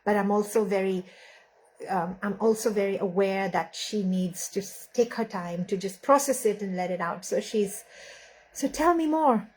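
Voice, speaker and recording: A woman's voice: medium pitch, fairly even intonation, slight background noise. A woman in her thirties, a parenting coach, speaking earnestly and telling stories from her own family. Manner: slow, earnest, storytelling with acted quotes. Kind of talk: reflective talk to camera.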